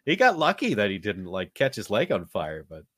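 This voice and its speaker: A man's voice: on the low side, wildly swooping pitch, brisk, a bit bright, no echo, clean studio sound. A man in a casual podcast chat about a film, talking loosely with many fillers and restarts. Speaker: podcast co-host. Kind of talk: casual movie discussion.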